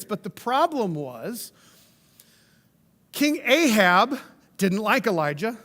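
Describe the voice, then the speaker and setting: A man's voice: very high voice, pushed and bright, long reverb tail. A male pastor giving a sermon in a church, telling the story in an enthusiastic, conversational way with casual asides. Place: church sanctuary.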